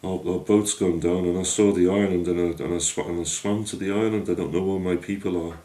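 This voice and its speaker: A man voicing a kind, calm selkie woman who speaks soothingly and reassuringly. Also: low-pitched, brisk, close to an everyday voice. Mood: pleading. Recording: echoey room, distant mic.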